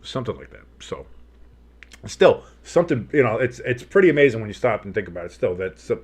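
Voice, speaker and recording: A man's voice: fairly low pitch, sing-song, darkish tone, slightly rough. A man calling a game play-by-play as a fan commentator, rambling and joking with profane asides, saying he has had too much coffee. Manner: says he is talking fast on too much coffee.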